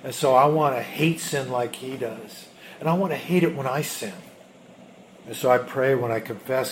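A man preaching a sermon as a pastor, emphatic, swinging between loud urgency and hushed intensity. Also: medium pitch, normal speed, slight background noise.

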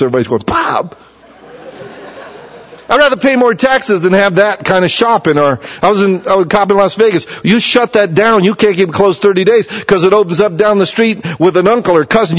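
A middle-aged male pastor preaching a sermon, telling folksy stories and swinging from hushed, low passages to loud, emphatic ones. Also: animated, normal speed. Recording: dull lo-fi recording.

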